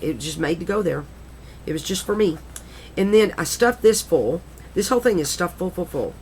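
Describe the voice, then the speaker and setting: Paging through a handmade craft journal she's showing off, a middle-aged woman talks casually, rambling somewhat and frequently correcting herself. Her voice sits on the low side, with a bit of background noise.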